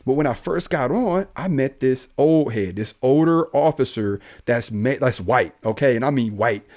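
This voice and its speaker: A man's voice: medium pitch, moderate pace. A man from Ohio, a police officer, telling stories in a casual podcast chat and acting out the voices of the people in them. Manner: animated, acts out voices in his stories.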